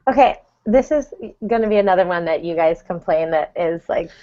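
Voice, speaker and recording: A woman's voice: lowish voice, animated, brisk, mellow, highs cut off. A woman co-hosting a podcast, chatting casually with enthusiasm and laughing easily. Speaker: podcast co-host. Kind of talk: casual chat.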